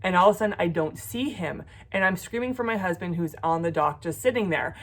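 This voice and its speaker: A woman's voice: fairly low pitch, brisk. A woman vlogger talking casually about her crafting, then earnestly praying for her viewers, with frequent ums. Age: adult with a son. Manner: chatty, with frequent ums and self-corrections. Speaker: jewelry-making vlogger. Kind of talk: casual vlog chat and prayerful encouragement.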